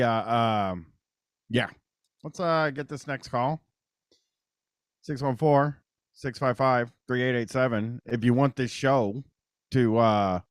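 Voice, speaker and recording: A Midwestern American man hosts a call-in show in a loose, rambling way, cursing casually and breaking into laughs. His voice sits at an ordinary middle pitch. The sound is close and dry, with no room around it. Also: smooth, dry recording. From Columbus, Ohio, US Midwest. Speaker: radio call-in host. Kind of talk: casual radio talk show chat.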